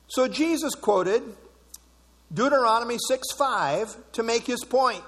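A male preacher with a high voice delivers an emphatic sermon and repeats key words for stress. His voice rings with a long reverb in a large hall. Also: lively intonation, slow pace, fairly bright tone. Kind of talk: expository sermon.

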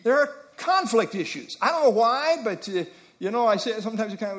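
A male pastor preaches in a high, animated, slightly bright voice. His sermon is conversational, with folksy asides and slow, deliberate scripture reading.

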